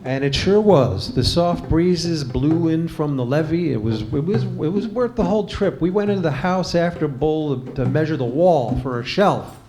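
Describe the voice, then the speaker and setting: A man's voice: fairly high pitch, expressive, moderate pace, hardly any pauses. A man giving a live literary reading in a bookshop room, with hesitant, self-deprecating asides. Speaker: reader. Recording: live reading over guitar music.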